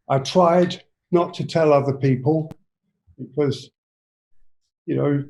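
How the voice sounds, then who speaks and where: A man in his seventies with an English accent, a guest telling his life story in a rambling, halting way full of restarts. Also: medium pitch, mellow, rough recording. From England. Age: 70s. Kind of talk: personal storytelling in an interview.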